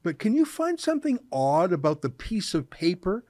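A middle-aged man from Canada delivers opinion commentary from a studio in an emphatic, mocking tone, drawing out key words for effect. His voice sits a little high for a man and leaps up and down with lively pitch. The recording is dry and close, with no room sound. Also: no echo. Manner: sarcastic, emphatic, slows down to stress words. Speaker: show host.

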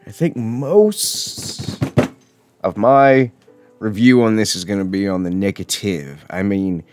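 A man's voice: mid-range voice, dry recording. A man casually reviewing horror films, rambling, laughing often and swearing freely. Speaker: film reviewer.

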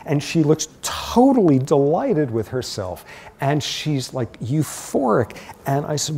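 A middle-aged man giving a university lecture, telling stories with lively asides. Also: medium pitch, takes it slowly, husky. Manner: animated storytelling with asides.

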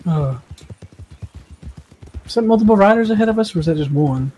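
A man with a notably high voice chats in character during an online roleplay game. He tells his stories in an animated way and swears freely. Faint background noise sits under his voice. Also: fairly quick. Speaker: roleplay gamer.

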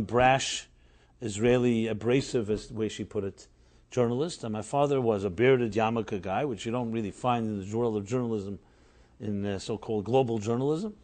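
Middle-aged male rabbi, mid-pitched, animated lecturer who tells stories and rises hard on key points. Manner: animated, storytelling with emphatic rises. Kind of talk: Torah class lecture.

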